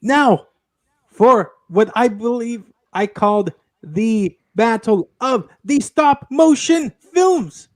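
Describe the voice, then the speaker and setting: A man's voice: extremely high pitch, lively intonation, slow pace, no room sound. A man moderating a holiday movie bracket in a casual podcast chat, announcing in a mock-formal, regal manner. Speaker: tournament moderator, self-styled lord.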